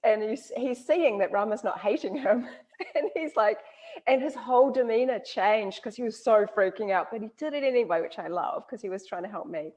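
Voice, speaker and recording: A woman with a New Zealand accent hosts a casual interview. Her voice sits slightly high, and she tells her stories in an animated way, laughing often along the way. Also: moderate pace. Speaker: interview host.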